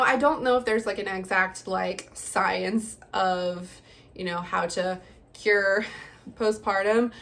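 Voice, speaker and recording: A woman's voice: mid-range voice, a bit bright. A young woman, a mother, talking candidly in a casual personal vlog, chatty, with frequent laughs and filler words. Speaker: vlogger, mother.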